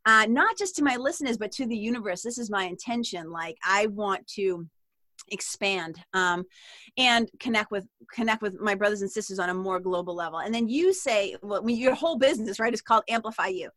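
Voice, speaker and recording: A woman's voice: medium pitch, fairly quick, fairly bright tone, no echo. A woman with a Boston accent, a podcast guest chatting casually and animatedly, swearing freely and laughing often. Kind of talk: casual interview chat.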